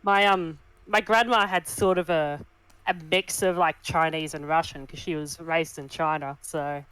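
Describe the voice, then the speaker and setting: A woman chatting casually on a livestream, easygoing and soft-spoken. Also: low voice, fairly even intonation, measured pace, clear, resonant tone, rough recording. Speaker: co-host on a livestream. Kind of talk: casual chat.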